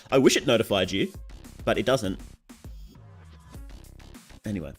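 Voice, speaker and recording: A man's voice: on the low side, measured pace, slightly rough, faint music behind. A young Australian man with a sore throat chatting casually on a game stream, reading out chat and answering it.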